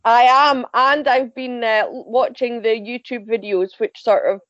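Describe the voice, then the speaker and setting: A woman's voice: a little high, steady tone, unhurried, fairly bright tone, dry recording, muffled recording. A woman contributing to a podcast chat, talking enthusiastically about TV shows. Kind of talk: casual chat.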